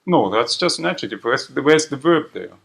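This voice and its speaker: A man's voice: mid-range voice, a little fast, gravelly. Man lecturing in an echoey room. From southern Germany. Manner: lively, quizzes the class, tags 'right?' after points. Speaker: university lecturer. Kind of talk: classroom seminar lecture. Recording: echoey room, voice far from mic.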